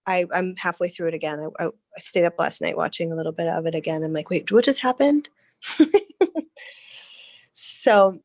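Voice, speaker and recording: Woman, thirties, casual chat, lowish voice, dry close sound, chatty, laughs a lot. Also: fast talker, creaky, few pauses, dry recording. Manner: chatty and animated, laughing often, with restarts.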